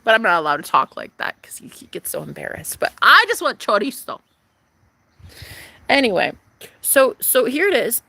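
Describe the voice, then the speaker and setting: A woman with a gravelly, creaky edge to her mid-pitched voice, talking straight to camera in a casual vlog. She swears freely and swings from hushed whispers to loud, emphatic bursts. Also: very animated, fairly quick, dry recording. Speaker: vlogger.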